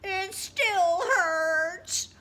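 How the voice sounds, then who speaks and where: A woman's voice: very high voice, very animated, slow, fairly bright tone, pitched above the performer's own voice, heavily acted. A woman voicing a hurt little blue boy bird who keeps crying, with a whiny, tearful voice. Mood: weepy.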